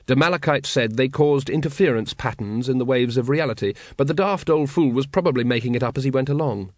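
A man's voice: mid-range voice, fairly quick, darkish tone, no room sound. A man narrating a comic fantasy story with wry, dry storytelling. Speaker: audiobook narrator. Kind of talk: scripted narration.

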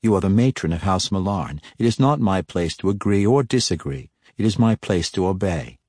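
A man voicing a servile scheming dark elf priestess. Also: low voice, lively intonation, moderate pace, no room sound, clean studio sound. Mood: measured. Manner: earnest, insistent pledges of loyalty. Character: scheming female drow first priestess, outwardly servile. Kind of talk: audiobook character voice.

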